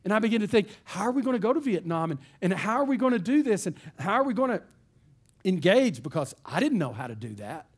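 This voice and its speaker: Male pastor, higher register, lively folksy sermon storyteller. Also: quick pace, breathy edge. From East Texas.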